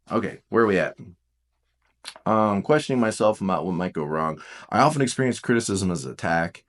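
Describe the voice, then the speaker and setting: A man coaching on personality types, talking casually to his viewers, animated, mimicking them in playful voices and dropping to slow, quiet emphasis. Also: lowish voice. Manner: animated, jumps into playful mock voices of the listener; drops to slow, quiet emphasis on key points. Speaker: Enneagram coach. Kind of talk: casual talk to camera.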